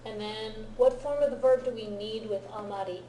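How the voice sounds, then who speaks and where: A woman's slightly high, mellow voice explains grammar to her students in a classroom lecture. She keeps checking that they follow her, and the room around her is roomy and echoey. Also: steady tone, moderate pace, slight background noise. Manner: checks understanding often with "right?" and "okay?". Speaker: Japanese language teacher.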